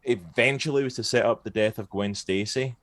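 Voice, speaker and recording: A man in casual podcast chat, ranting with animated sarcasm about films. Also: on the low side, fairly quick, no room sound.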